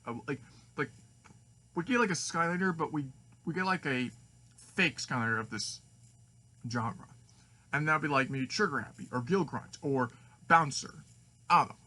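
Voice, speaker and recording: A man's voice: medium pitch, bright, forceful tone. A man rambling through a fan story idea with many restarts and fillers. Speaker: fan video maker.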